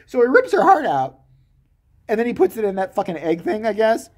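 Animated, profane man ranting about a movie. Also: sits high, fairly quick. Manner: profane, sarcastic, acts out characters' lines. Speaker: movie reviewer. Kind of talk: comedic movie-review rant.

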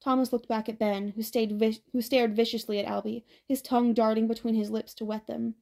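Woman narrating an audiobook, higher voice. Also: flat delivery, fairly quick, vocal fry, a little mellow.

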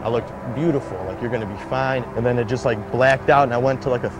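A man's voice: mid-range voice, fairly even intonation, quick pace, background noise. A man in a casual interview, telling his own story in a rambling way, full of fillers and acted-out quotes. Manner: rambling, filler-heavy, acts out quoted voices. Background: background music.

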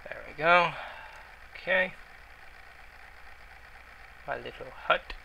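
A man's voice: on the high side, slow pace, creaky, sharp tone, slight background noise, poor audio. A man giving rambling, self-mocking commentary while he plays a video game, often mumbling to himself. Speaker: gaming YouTuber. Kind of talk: casual Let's Play commentary.

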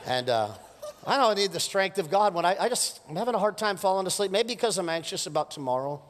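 A middle-aged man preaching a sermon as pastor, animated and joking with the congregation. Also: sits high, fast, slight background noise. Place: church sanctuary. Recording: live church sermon with long reverb.

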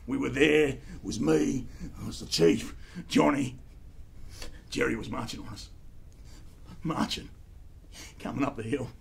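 A man's voice: mid-range voice, measured pace, creaky, pauses often, slightly rough, exaggerated voice. A man with an Australian accent playing a crude, rambling survivalist war veteran in an improvised comedy sketch. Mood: mock-solemn war story. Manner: rambling, crude, heavy slang.

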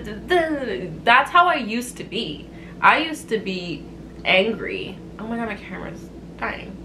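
A woman's voice: medium pitch, fairly bright tone, a little hiss or hum, poor audio. A woman in her twenties telling a story to her vlog camera at home, candid and rambling, with fillers and frequent swearing. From Canada. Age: 20s. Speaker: vlogger. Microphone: compact camera on-board mic.

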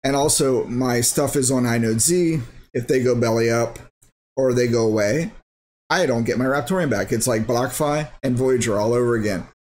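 Casual male vlogger, sarcastic and rambling, mid-pitched, faint hiss behind. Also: moderate pace, darkish tone. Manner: rambling, sarcastic, thinking aloud. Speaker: crypto mining channel host. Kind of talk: casual screen-share commentary.

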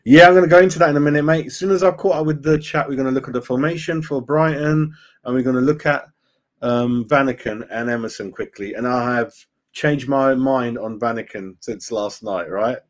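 A man's voice: mid-range voice, steady tone, fairly quick. Matey man chatting on a stream. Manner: chatty and matey, reads chat aloud, calls viewers mate. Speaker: fan channel host. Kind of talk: live-stream chat about football.

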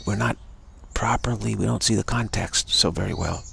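A man's voice: lowish voice, moderate pace, gravelly, a bit bright, a little hiss or hum. A man giving an unscripted spiritual talk as its teacher, repeating phrases over and over. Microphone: livestream mic.

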